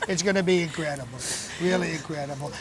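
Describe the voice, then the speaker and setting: A man's voice: fairly high pitch, quick pace, vocal fry, a loud crowd, voice pushed down. A man doing a comic impression of a boastful, rambling male president who repeats superlatives. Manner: bragging, repetitive superlatives. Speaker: impersonator.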